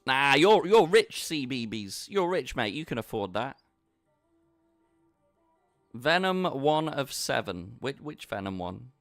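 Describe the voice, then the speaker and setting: A man's voice: medium pitch, big pitch swings, takes it slowly, pauses often, fairly bright tone, no room sound, faint music behind. A man chatting casually with his viewers while he plays online poker, bantering and talking to the chat. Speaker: poker streamer. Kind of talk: casual live-stream commentary.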